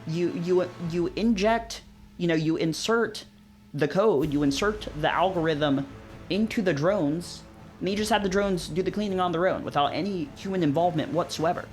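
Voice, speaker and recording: A man's voice: high-pitched, normal speed, soft background music. A man hosting a let's play, giving casual commentary while reading a visual novel, joking and rambling with frequent restarts.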